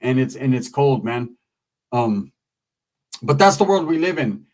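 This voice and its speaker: A man talking casually into the camera, telling a profane story and mimicking other people in loud, high voices. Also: lively intonation, measured pace. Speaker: YouTube commentator. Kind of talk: casual commentary monologue.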